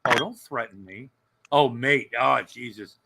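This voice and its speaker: A man's voice: medium pitch, measured pace, gravelly, heavy background noise. An older man co-hosting a casual livestream chat, joking, rambling and swearing freely. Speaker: co-host.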